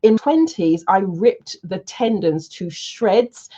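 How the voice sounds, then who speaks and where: A woman in her forties, a coach from the United Kingdom, telling her story to an online audience in an animated, emphatic way from a room at home. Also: medium pitch, slow pace, breathy edge. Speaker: coach and soul plan reader. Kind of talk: casual talk to an online audience. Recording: slightly dull, lo-fi audio.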